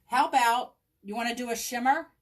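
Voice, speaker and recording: Fairly quick and a little high-voiced, a woman hosts a live chalk craft session at home, her dog at her feet beside the craft table. She chats with viewers, talks through her thoughts and responds to people by name.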